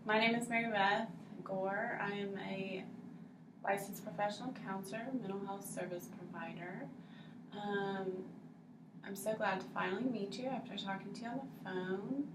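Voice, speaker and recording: A woman counselor opening a counseling session, calm, welcoming and measured. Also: mid-range voice. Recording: roomy, far mic, clear background noise.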